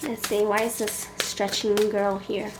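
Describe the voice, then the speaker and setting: Giggling, coughing, and sniffling between her sentences, a woman does an informal tarot reading. Her mid-range voice barely moves in pitch, and her pace is a little slow. The background is noisy.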